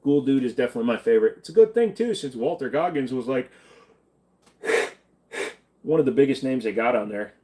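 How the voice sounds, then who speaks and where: A man's voice: mid-range voice, expressive, fairly quick, pauses often, mellow. A man hosting a casual live-stream Q&A, reading chat questions and answering bluntly in an offhand drawl, tired and in pain. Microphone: desk mic, sitting farther back than usual.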